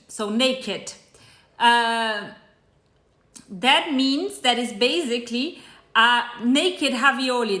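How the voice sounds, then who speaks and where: A woman with a Brazilian accent chats her way through a live cooking stream at a slow, easy pace, greeting viewers by name. Her voice is bright and a little high. The room has a noticeable echo. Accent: Brazilian Portuguese. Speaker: cooking show host. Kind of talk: casual live-stream chat.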